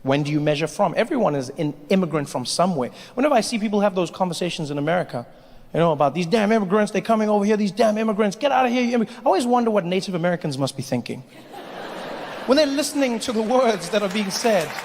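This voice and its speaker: Lively male stand-up comedian. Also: high voice, quick pace, in a large hall. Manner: animated storyteller, playful asides. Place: large theater stage. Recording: live theater, crowd laughter.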